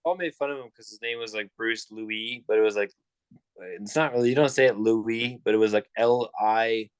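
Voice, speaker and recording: A young man with a lowish voice spins a long, meandering story on a casual podcast. He leans on filler words and restarts his sentences. The sound is dry and close. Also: normal speed, smooth, no room sound. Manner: rambling, full of "like" and restarts. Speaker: podcast co-host.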